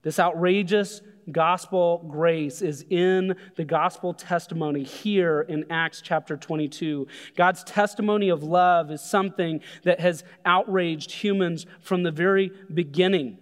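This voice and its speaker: A man preaching a sermon, animated, acting out voices when he quotes people. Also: a little high, measured pace, hardly any pauses. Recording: long hall reverb.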